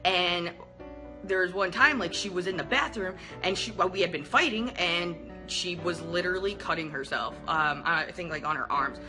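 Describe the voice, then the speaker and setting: A young woman vlogger candidly retelling a personal story to camera, animated and profane, acting out what people said. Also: fairly low pitch, moderate pace, music in the background.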